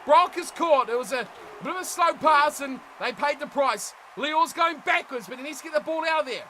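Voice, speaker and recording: A young man giving animated play-by-play commentary on a rugby management game, shouting at big plays and chatting to viewers. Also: very high-pitched, moderate pace, a little hiss or hum, poor audio. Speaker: gaming commentator.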